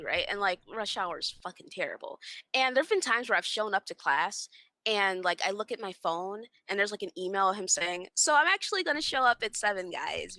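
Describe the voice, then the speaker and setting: Bright, lively ranting woman on a podcast. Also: medium pitch, no room sound. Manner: exasperated ranting, profane. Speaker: podcast co-host. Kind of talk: casual chat.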